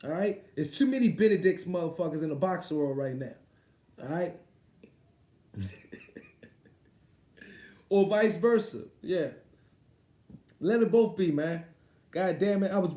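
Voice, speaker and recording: A man's voice: high-pitched, lively intonation, measured pace, pauses often, dark tone. A man hosting a boxing livestream, ranting casually in a profane, rambling way full of repeats. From United States. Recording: roomy echo.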